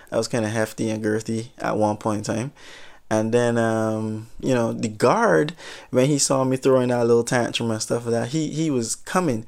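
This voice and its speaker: Young guy on a podcast telling a funny story, animated, rambly, says frig and fudge. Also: medium pitch, vocal fry. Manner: animated, uses minced oaths, rambling restarts. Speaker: podcast host. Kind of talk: comedic storytelling.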